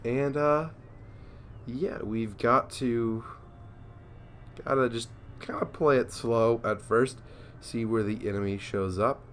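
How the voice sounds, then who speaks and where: A man's voice: mid-range voice, slow, pauses often, slight background noise. A young man giving casual, rambling commentary over a naval war game, sleepy and yawning, joking at himself. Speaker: gameplay commentator.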